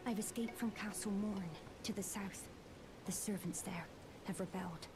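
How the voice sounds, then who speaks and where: An actress with an Irish accent voicing a gentle, weak-sighted young woman in a video game, speaking softly and breathily. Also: mid-range voice, fairly even intonation, normal speed, music in the background, natural voice. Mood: pleading. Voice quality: soft, hushed, breathy.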